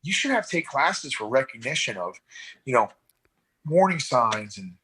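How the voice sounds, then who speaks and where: A middle-aged man with a bright, husky voice recalls his years as a rescue swimmer. He rambles and restarts, and he slips into quick impressions of the people in his stories. It sounds like a casual interview. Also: mid-range voice. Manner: rambling, animated, acts out voices in anecdotes. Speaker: guest, veteran rescue swimmer and paramedic.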